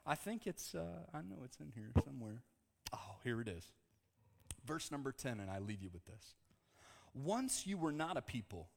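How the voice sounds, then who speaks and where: A man preaching a lively sermon to his congregation, mixing calm teaching with jokes and bursts of shouting. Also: medium pitch. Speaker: pastor. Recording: long hall reverb.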